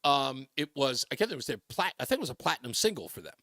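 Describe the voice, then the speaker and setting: A male talk radio host telling a funny personal story in a lively way, often raising his voice to quote people and laughing as he goes. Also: medium pitch, fast, no echo, clean studio sound.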